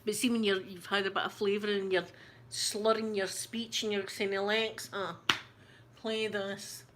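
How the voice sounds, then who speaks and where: A woman's voice: medium pitch, flat delivery, moderate pace, a little hiss or hum. A woman with a Scottish accent, chatting casually and rambling to her viewers on her channel, laughing often. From Scotland. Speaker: ASMR channel host. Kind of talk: casual live-stream chat.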